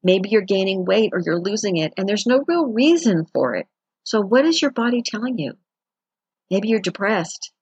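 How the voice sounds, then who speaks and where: A woman's voice: mid-range voice, sing-song, moderate pace, darkish tone, breathy edge, dry recording. A woman giving a chatty, conversational self-help talk as a wellness teacher. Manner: chatty, conversational, acts out quotes with laughs.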